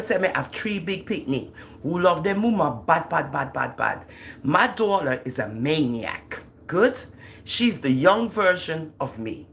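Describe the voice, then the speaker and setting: Gravelly Jamaican woman, lively chat. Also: deep voice, slight background noise. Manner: animated, teasing, boastful about her children. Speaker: livestream host. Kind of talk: casual livestream chat.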